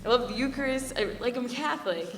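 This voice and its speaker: A woman's voice: on the high side, lively intonation, fast, heavy background noise. A young woman, a student panelist, giving an earnest, passionate panel talk, chatty with lots of "like", recorded from a distance in a hall. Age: young adult. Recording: echoey hall from far off.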